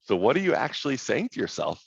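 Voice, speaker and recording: A man hosting a group coaching call, talking in an animated, motivational way over video call. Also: medium pitch, fast, creaky, husky, no room sound, muffled recording. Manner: animated, motivational, quotes inner voices.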